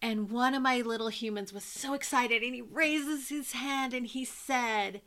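A woman teacher telling a funny classroom story in an animated way, laughing as she goes. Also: fairly high pitch, a little slow, hardly any pauses. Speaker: teacher and podcast co-host. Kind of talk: personal storytelling.

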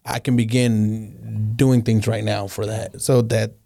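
Male guest voice, low and mellow, hesitant and groping for phrasing. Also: flat delivery, vocal fry. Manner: halting, searching for words. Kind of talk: casual faith discussion.

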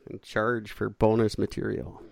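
A man co-hosting a podcast in casual chat, joking and riffing with quick put-on voices and swearing. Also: lowish voice, monotone, vocal fry, darkish tone, dry recording. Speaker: podcast co-host.

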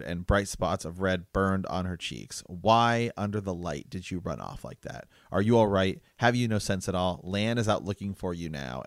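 A man with a very low voice reads passages from a novel during a relaxed chat, often laughing. The recording is dry and close. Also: no echo. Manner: laughs while reading, loose and chatty. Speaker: book discussion co-host. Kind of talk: casual chat reading aloud from a novel.

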